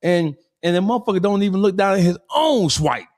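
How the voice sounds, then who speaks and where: Animated gossip host acting out scenes. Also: male voice, sits high, brisk. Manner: animated, acts out scenes, asks probing questions. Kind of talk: casual gossip chat.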